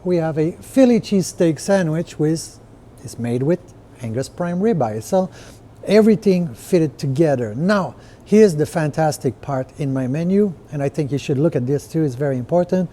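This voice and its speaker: Man with a dark, mellow voice. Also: a little high, animated, moderate pace. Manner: conversational, many fillers and rhetorical "right?". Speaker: restaurant owner podcaster. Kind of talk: casual explanatory walkthrough.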